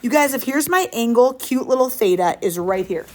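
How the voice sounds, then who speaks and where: Peppy woman teacher running a math class, higher voice, keeps quizzing the kids. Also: lively intonation, moderate pace, a little mellow. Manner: upbeat, playful, asks the class questions. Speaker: high school math teacher. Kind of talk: classroom lecture.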